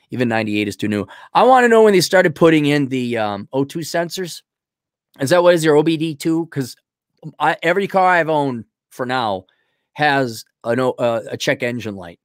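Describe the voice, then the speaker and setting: Reading out viewer donations on his casual livestream, this host rambles and riffs on each one with sarcasm. His pitch is fairly high, and the sound is dry and clean, like a studio.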